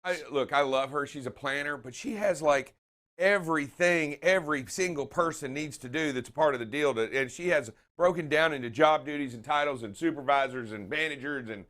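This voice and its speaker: A man telling a funny story in casual chat, animated and laughing often. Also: fairly high pitch, fairly quick.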